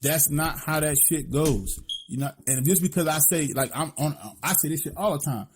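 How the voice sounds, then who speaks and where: A man's voice: fairly high pitch, normal speed, background noise. A man from Philadelphia with a Philly accent, co-hosting a podcast in blunt, profane casual talk, constantly asking "you know what I'm saying". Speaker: podcast co-host.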